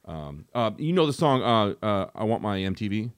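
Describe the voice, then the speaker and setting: A young man chatting casually on a podcast, opinionated and animated, talking quickly. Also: fairly low pitch, smooth, no room sound, clean studio sound. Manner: rapid, opinionated, animated asides. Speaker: podcast co-host.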